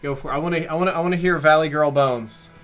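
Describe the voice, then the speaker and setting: Relaxed man leading a gaming squad. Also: fairly high pitch, quick pace, soft background music. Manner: relaxed, directs the group. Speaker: gaming channel host. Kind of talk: casual voice chat while playing a shooter.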